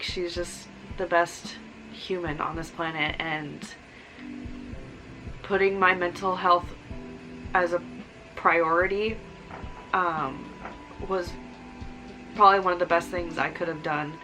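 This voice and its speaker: A woman's voice: lowish voice, a little slow, pauses often, over music, rough recording. A young woman, a new mother, talking earnestly in a casual vlog, rambling with fillers and near tears. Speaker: vlogger, new mom. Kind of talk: casual heartfelt vlog talk.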